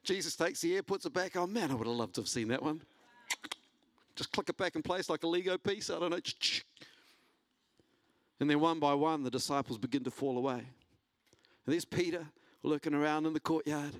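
A man preaching a sermon, telling a personal story and building to an animated delivery. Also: moderate pace, long pauses, dry recording. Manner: storytelling, rising in pitch and intensity when preaching. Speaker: pastor.

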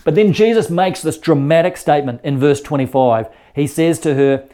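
A pastor preaches at a moderate pace in an earnest, conversational style, frequently repeating words mid-thought. His voice is a little high but mellow and soft-edged, and he tells the story as if chatting with his congregation.

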